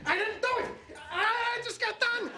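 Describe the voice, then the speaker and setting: A man's voice: very high-pitched, moderate pace, over a noisy crowd, heavy background noise. An actor playing a nervous, stammering office employee answering his boss in a sitcom. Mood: flustered. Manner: stammering, defensive. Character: nervous male office employee, anxious and evasive. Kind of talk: sitcom acting.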